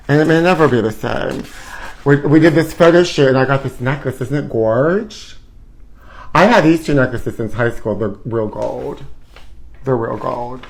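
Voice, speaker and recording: A man's voice: mid-range voice, gravelly, low-quality recording. Campy sassy guy dishing gossip on a live show, calls everyone honey, big swoopy delivery. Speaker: host. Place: hot indoor studio.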